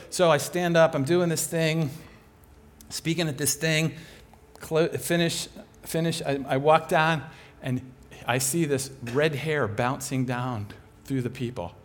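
A man preaching a sermon, telling a personal story with lively, chuckling animation. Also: fairly high pitch, unhurried.

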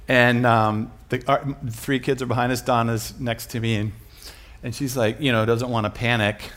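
Man, middle-aged, preacher, humorous sermon story, self-mocking, laughs often, mid-pitched voice. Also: steady tone, moderate pace, a bit bright.

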